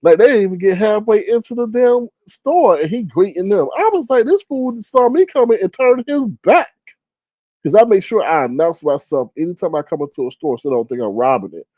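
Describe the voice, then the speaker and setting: Animated man with a mellow voice. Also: brisk, hardly any pauses, no room sound. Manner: animated, profane, gossipy, with big pitch jumps when quoting. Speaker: livestream host. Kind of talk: casual livestream chat and storytelling.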